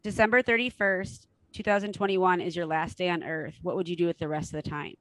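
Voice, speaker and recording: A woman's voice: on the low side, fairly even intonation, brisk, a bit bright, dry recording, rough recording. A middle-aged woman hosting a casual interview podcast, frank and enthusiastic and swearing now and then. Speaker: podcast host.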